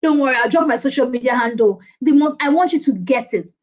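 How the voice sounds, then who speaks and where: A Nigerian woman giving a lively online workshop on presentations, emphatic and animated, often laughing and mimicking others. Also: high-pitched, quick pace, few pauses, low-quality recording. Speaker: presentation skills speaker. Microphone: video call.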